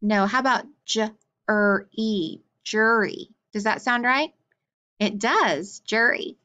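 A woman's voice: a little high, a little slow, bright, forceful tone, dull audio. A woman teaching a phonics lesson, sounding out words syllable by syllable and drilling letter cards. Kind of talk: slow, deliberate phonics lesson.

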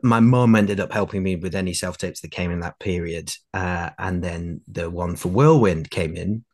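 A man's voice: low-pitched, moderate pace, a little mellow. A man in his late twenties from Derbyshire, a guest actor telling self-deprecating anecdotes in a podcast interview. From England, Derbyshire. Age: late 20s.

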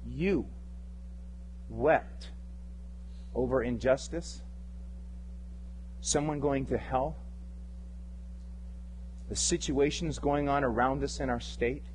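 A male pastor preaching a sermon with passion, swinging between loud emphatic lines and hushed, intimate ones. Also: medium pitch, slow, long pauses, slight background noise, poor audio. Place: church service.

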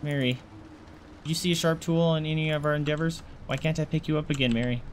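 A man's voice: fairly high pitch, steady tone, fast. A man giving casual horror game commentary, joking, easily spooked and chatting to objects in the game. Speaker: let's play gamer.

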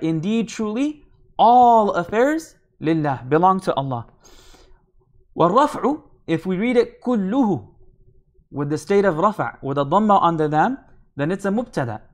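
A male scholar giving a verse-by-verse lesson, racing through the Arabic text at high speed. He slows down to explain each phrase in English, repeating key points and checking in with "right?". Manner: reads Arabic text quickly, then explains it slowly in English. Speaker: Islamic scholar teaching Quran commentary. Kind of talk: line-by-line scripture lesson.

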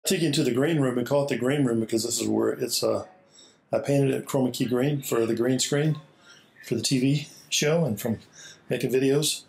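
A man's voice: mid-range voice, moderate pace, creaky, a little mellow. Man, pastor; casual self-filmed walkthrough of a small church, talks while walking, winded and chuckling. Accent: Hawaii. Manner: chatty, laughs often, slightly out of breath. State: out of breath. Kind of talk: casual walking video tour. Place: small church building indoors. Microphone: laptop held while walking.

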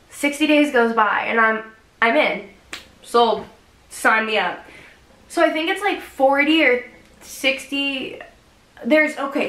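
A young woman talks to her camera in a loose, chatty vlog, tossing in "like" every few words. Her voice sits a bit high and sounds bright and forward. The room around her rings with a noticeable echo. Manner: chatty and expressive, many "like" fillers. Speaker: vlogger.

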